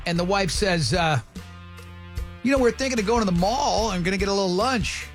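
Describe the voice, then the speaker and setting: A man's voice: high voice, animated, a little fast, soft background music. A middle-aged man co-hosting a casual chat, telling a rambling story with lots of restarts. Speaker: podcast co-host.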